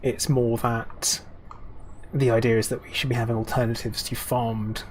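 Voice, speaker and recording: A man's voice: mid-range voice, little pitch movement, normal speed, slight background noise. A British man streaming a game, chatting casually with viewers in a rambling way with lots of ums and restarts.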